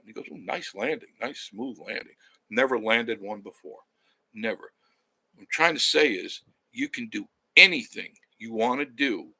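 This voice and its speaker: A man in his sixties from Long Island, New York, speaks in a mid-range, bright, forceful voice. Hosting a travel channel, he tells a rambling personal story in a casual monologue, chuckling as he goes.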